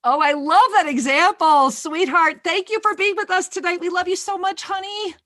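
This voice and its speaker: A woman's voice: very high-pitched, moderate pace, a bit bright, no room sound. A woman hosting a spiritual call-in radio show, effusive and affectionate, calling callers sweetheart.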